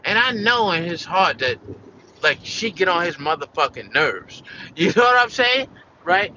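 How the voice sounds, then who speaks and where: Bright-voiced American man ranting casually. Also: high-pitched, very animated, measured pace, muffled recording, slight background noise. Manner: rambling and profane, full of "like" and "you know". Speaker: vlogger. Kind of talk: casual rant to camera.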